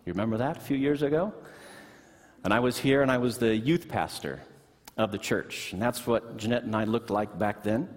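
A middle-aged man preaching a sermon in a church, telling stories with animated energy that drops to hushed tones. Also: fairly low pitch, moderate pace. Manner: animated storytelling, shifting from excited to hushed. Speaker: pastor. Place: church sanctuary. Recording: long hall reverb.

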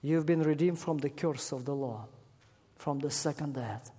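A man preaching with emphatic force, his fairly high voice climbing to loud peaks on key words. He speaks in a church or large hall, and a long echo trails each phrase. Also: moderate pace, breathy edge. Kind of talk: sermon. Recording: echoey hall.

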